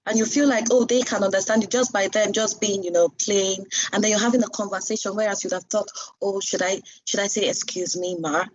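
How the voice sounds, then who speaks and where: Young woman, chatty storyteller, mid-pitched, dry dull call audio. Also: fast, few pauses, no room sound. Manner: chatty, animated storytelling with laughs. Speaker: student union president, co-host. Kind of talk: casual live discussion.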